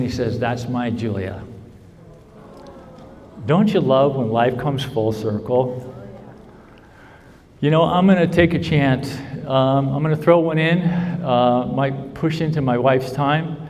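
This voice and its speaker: A man's voice: medium pitch, darkish tone, slight background noise. A man gives a heartfelt personal talk at a convention, checking in with the crowd by asking "right?" again and again. His voice sits in an ordinary middle range. It rings out through a large hall with a long reverb tail. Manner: earnest storytelling, asks "right?" often. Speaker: recovery speaker.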